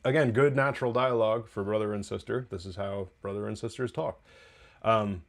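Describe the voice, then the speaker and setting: A man's voice: fairly low pitch, fairly quick, creaky. A man hosting a TV review podcast, recapping an episode in a loose, chatty way with profane asides and laughs.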